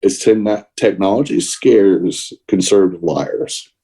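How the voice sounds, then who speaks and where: Guy on a podcast going off on a heated political rant, lowish mellow voice. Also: slow pace, slightly rough, low-quality recording. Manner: emotional, indignant, preachy. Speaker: podcast co-host. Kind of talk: impassioned political commentary.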